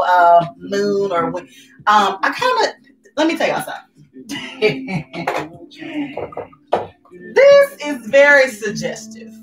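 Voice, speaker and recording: A woman's voice: medium pitch, fairly bright tone. Woman, casual painting lesson, upbeat and chatty, roomy echo, faint music behind. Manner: chatty and upbeat, laughs often. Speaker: painting instructor and live stream host. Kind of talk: casual live painting class. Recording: roomy sound from a distant mic with faint music.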